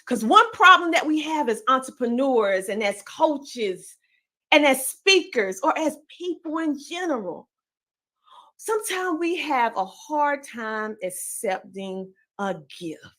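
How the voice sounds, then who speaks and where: A woman with a Southern country twang delivers a motivational speech to her audience. Her voice sits high. She talks with repetitive, preacher-like emphasis. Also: sing-song, slow, sharp tone. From Southern United States. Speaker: podcaster and coach.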